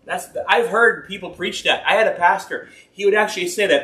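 A man's voice: high-pitched, fairly quick, hardly any pauses, sharp tone. A man preaching an informal sermon, reading Bible verses and telling personal stories in a folksy, earnest, rambling way that often corrects itself. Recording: roomy echo.

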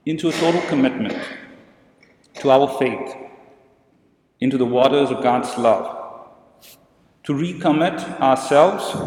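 A man's voice: medium pitch, reverberant, big-room sound, low-quality recording. A man preaching a sermon as a priest, telling stories and posing questions to the congregation in a church.

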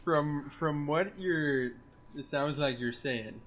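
A man at a tabletop game who speaks in a measured, diplomatic way, with faint ambience behind him. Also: a little high, fairly bright tone, a little hiss or hum. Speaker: player. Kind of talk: in-character negotiation.

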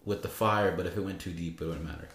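A man's voice: low-pitched, fairly even intonation, fast, fairly bright tone, reverberant. A man in casual chat, rambling as he retells film scenes. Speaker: co-host discussing a film.

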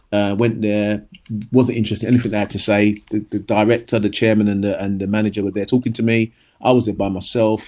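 Middle-aged man, lowish voice, rapid and animated, candid interview guest. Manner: animated, repeats "you know what I mean". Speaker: guest, former footballer. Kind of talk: candid storytelling in a podcast interview.

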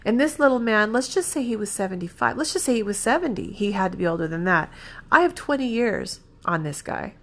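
Fifty-something woman, gravelly voice, rambling heartfelt story, keeps correcting herself. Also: mid-range voice, animated, fairly quick, fairly bright tone. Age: 50s. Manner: earnest, emotional, rambling with self-corrections. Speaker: vlogger. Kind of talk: personal storytelling monologue.

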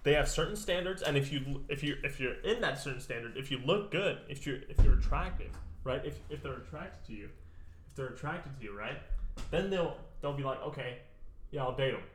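Insistent young man, bit higher voice. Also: animated, fairly quick. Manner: insistent, repeats himself. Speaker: podcast co-host. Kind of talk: casual chat. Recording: roomy echo, faint noise.

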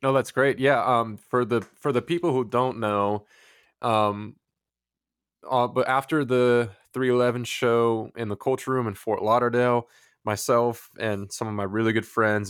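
A man from Missouri hosting a casual podcast, upbeat and chatty and quick to laugh. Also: lowish voice, flat delivery, clean tone, no room sound, studio quality. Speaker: podcast host.

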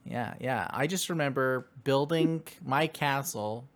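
A young man co-hosting a relaxed gaming podcast, his pitch sitting right in the middle. He jokes and boasts playfully, often laughing through his sentences. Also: a little slow. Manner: jokey, boastful, laughs while talking. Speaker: podcast co-host. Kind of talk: casual gaming chat.

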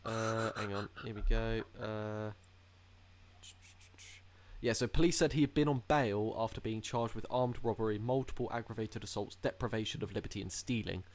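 A man's voice: on the low side, fairly even intonation, moderate pace. Cheeky young man. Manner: cheeky, jokey storyteller. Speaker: podcast co-host. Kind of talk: casual chat.

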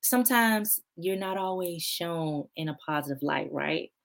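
A woman with a low, deep speaking voice hosts a live-streamed interview. She is warm and encouraging, reads out comments from viewers, and laughs often, her pitch leaping up when she gets excited. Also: a little slow, creaky. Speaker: host.

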